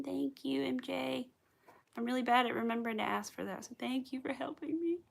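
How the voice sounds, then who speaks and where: Her voice is high-pitched and gravelly at a normal speed, carrying a light Southern accent. A young woman from the Southern US, she runs a crochet livestream, rambling through casual chat with viewers and laughing often.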